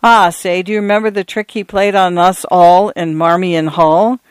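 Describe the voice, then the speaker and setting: A man's voice: high voice, steady tone, normal speed, clean tone, dry recording, lightly acted. A man voicing a genial, gossipy male priest in his fifties, telling stories in an easygoing way. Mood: chatty. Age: 50s. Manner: easygoing, anecdotal.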